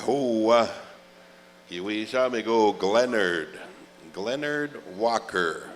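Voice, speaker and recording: A man's voice: medium pitch, lively intonation, slow, a bit bright. A middle-aged man, emceeing a powwow in a chatty, joking way and drawing out the names he calls. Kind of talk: live event announcing. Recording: reverberant arena PA sound.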